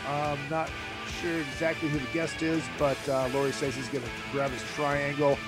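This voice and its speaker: A man's voice: a little high, little pitch movement, normal speed, over loud music. A man hosting a podcast in a loose, off-the-cuff way, swearing casually as he talks. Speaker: podcast host.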